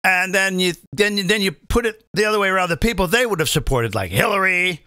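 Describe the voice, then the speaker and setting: A man's voice: sits high, animated, fairly quick, bright, forceful tone, smooth, no room sound, clean studio sound. A male comedian hosting, delivering a profane, combative political rant and often asking the audience to agree. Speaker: comedian host.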